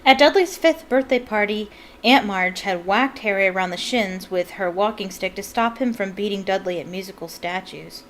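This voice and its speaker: A woman's voice: mid-range voice, moderate pace, a bit bright, slight background noise, rough recording. A woman reading a novel aloud and breaking off for chatty asides of her own. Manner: chatty asides between narrated passages. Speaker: book reader.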